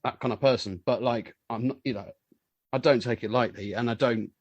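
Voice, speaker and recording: A man in a casual interview, a musician who rambles through his stories with lots of asides. His voice sits mid-range and sounds close and dry. He gets animated whenever he quotes other people. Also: medium pitch, fairly quick, no room sound, dull audio. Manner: rambling storyteller, animated when quoting others. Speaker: musician guest.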